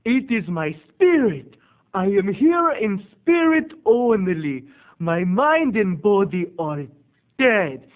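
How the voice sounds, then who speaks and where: Man voicing a morbid spaced-out older woman, slow spooky delivery, high voice, tinny phone-like sound. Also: sing-song, exaggerated voice. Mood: eerie.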